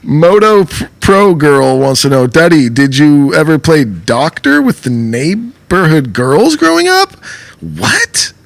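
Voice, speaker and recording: Picture a relaxed man co-hosting a comedy podcast and reading out listener questions. His voice sits a bit high and swings widely in pitch. He laughs often and swears casually. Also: a little slow, vocal fry, hardly any pauses.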